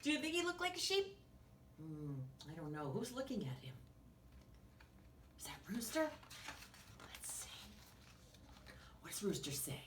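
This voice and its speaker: A woman's voice: mid-range voice, huge pitch swings, measured pace, pauses often, fairly bright tone. A woman teacher reading a picture book aloud to young children, asking them questions and dropping into whispers. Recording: echoey room, distant mic, faint hiss.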